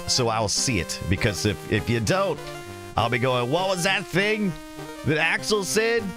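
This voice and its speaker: A man hosting a casual retro computer livestream, rambling and correcting himself as he reads the chat. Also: fairly low pitch. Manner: rambling, self-correcting, reads chat and game text aloud.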